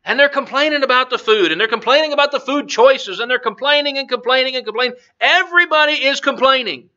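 Very high, bright-voiced male preacher. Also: fast. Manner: chatty, asks the audience questions, chuckles. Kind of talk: conversational Bible lesson. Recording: dull lo-fi recording.

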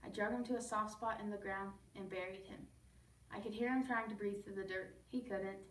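A woman recites a first-person poem in a calm, measured voice. Her pitch is ordinary. She is heard from afar in a room full of echo, with faint noise behind her. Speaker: student reader. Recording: echoey room from far off, faint background noise.

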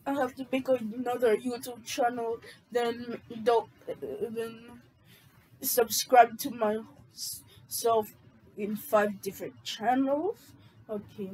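A woman reading her own homemade script aloud, halting and losing her place. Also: a little high, fairly even intonation, a little mellow, a little hiss or hum, poor audio. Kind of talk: casual amateur script reading.

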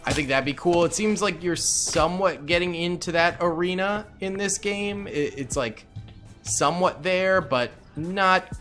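A young man giving goofy, casual commentary over his own gameplay, muttering to himself and then yelling at a character. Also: high-pitched, measured pace, faint music behind. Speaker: gaming YouTuber.

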